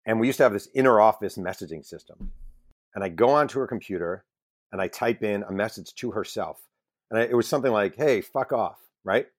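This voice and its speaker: A man with a very low voice, recorded dry and close with no room sound, tells anecdotes from his career in a chatty interview. He jumps into his stories with energy, laughs at his own mistakes and swears casually. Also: fast talker, dry recording. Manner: animated anecdotal storyteller, self-deprecating, swears casually. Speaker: guest journalist and author.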